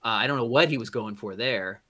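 Casual podcast co-host, man, bright and forceful tone, rambly delivery. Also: mid-range voice, fairly quick. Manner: rambling, many restarts and fillers. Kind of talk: casual chat.

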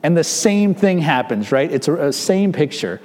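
A man's voice: on the high side, sing-song, normal speed, a little mellow. A man preaching a sermon as pastor, in a conversational manner with frequent asides to the congregation. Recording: long hall reverb.

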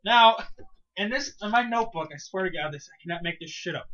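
A man's voice: sits high, fast talker, dull audio. A man co-hosting a casual podcast, ranting with lots of swearing. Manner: profane, animated ranting. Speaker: co-host.

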